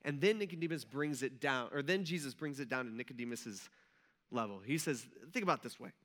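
A man's voice: mid-range voice, fairly quick, a bit bright. A man preaching a sermon in a casual, conversational storytelling way, acting out quotes and often saying "like". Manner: conversational, chatty, acts out quotes, frequent "like". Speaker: pastor.

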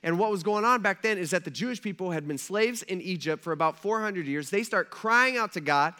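A pastor's sermon delivered by a man with a bright, forceful voice pitched a touch high. He talks to the congregation like a friend, throwing out rhetorical questions and quick asides. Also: animated, smooth.

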